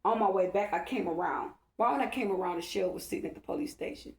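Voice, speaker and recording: A woman's voice: mid-range voice, fast talker, darkish tone. Rambling woman in an echoey room. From Dallas-Fort Worth area, Texas. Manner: rambling, emphatic, repeats herself, often asks "okay?". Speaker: spiritual reader. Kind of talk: casual storytelling to her followers.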